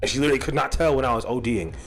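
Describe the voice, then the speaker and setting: A man's voice: racing, fairly bright tone, faint music behind. Swearing young man telling a wild story. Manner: swearing, laughing, jumps to high-pitched quoted outbursts. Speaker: streamer. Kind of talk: casual storytelling to a live chat.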